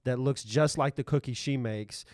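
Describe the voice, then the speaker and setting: A man's voice: mid-range voice, normal speed, a little mellow, dry recording, clean studio sound. A man co-hosting a podcast in laid-back casual chat, rambling along with plenty of "like" and "uh". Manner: laid-back, rambling with lots of 'like' and 'uh'. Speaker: podcast co-host.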